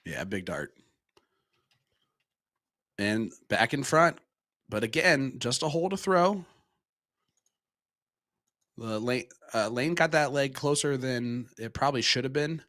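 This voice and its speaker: Bright-voiced male darts commentator. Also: mid-range voice, animated, no echo, studio quality. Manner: bright, quick play-by-play, reads chat and ads. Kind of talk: casual live commentary.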